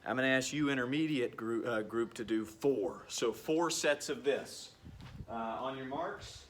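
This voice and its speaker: A man's voice: medium pitch, normal speed, fairly bright tone, a little hiss or hum. A man who is a PE coach, counting reps and encouraging his class while doing the workout himself. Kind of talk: workout instruction video. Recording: echoey room picked up from a distance.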